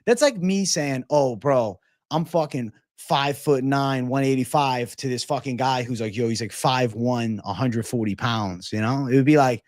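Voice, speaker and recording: A man's voice: mid-range voice, moderate pace, few pauses, no room sound. A man hosting an MMA livestream in casual, profane, hyped chat full of slang.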